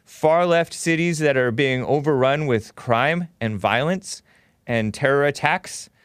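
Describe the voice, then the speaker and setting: A man's voice: mid-range voice, unhurried, smooth, no echo, studio quality. A man hosting a call-in talk show, arguing with and interrupting callers.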